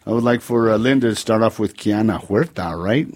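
A man's voice: fairly low pitch, a little fast, darkish tone. A man co-hosting a community radio show in a laid-back, teasing way, calling people "man" into a studio microphone. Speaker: radio co-host. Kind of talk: casual community radio chat.

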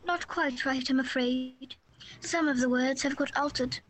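A woman's voice: sits high, fairly even intonation, a little slow, a bit bright, low-quality recording. An actress playing a polite, curious young girl who speaks in a wondering, courteous way.

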